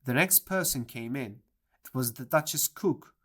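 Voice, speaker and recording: Measured storybook narrator. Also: medium pitch, expressive, husky. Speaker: audiobook narrator. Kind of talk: storybook audiobook reading.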